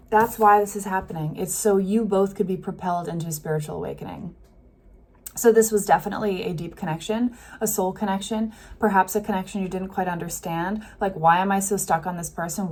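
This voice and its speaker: A woman giving a casual tarot reading, talking gently and thinking aloud with many fillers. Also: fairly low pitch, a little fast. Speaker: tarot reader. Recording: faint street noise behind.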